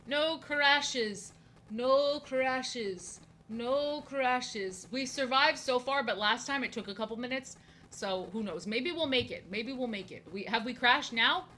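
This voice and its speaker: A woman's voice: on the high side, expressive, moderate pace, pushed and bright, slight background noise, rough recording. A woman chatting casually on a live stream while she draws, rambling, repeating lines and poking fun at herself. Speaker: art streamer.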